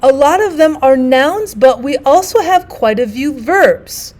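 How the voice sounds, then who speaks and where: A woman's voice: sits high, lively intonation, measured pace, a little mellow. A woman teacher narrating a recorded language arts lesson, explaining and reading quotes aloud with emphasis.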